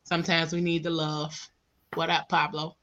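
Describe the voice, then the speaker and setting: Bright, blunt woman host. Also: sits low, little pitch movement, normal speed. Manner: blunt, profane, laughing. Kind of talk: casual chat.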